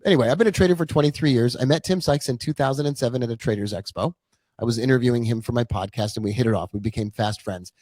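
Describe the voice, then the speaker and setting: A man's voice: medium pitch, fast, a little mellow, no echo. A man in his forties, a trading coach, telling his own story in a casual, chatty live-stream talk full of asides.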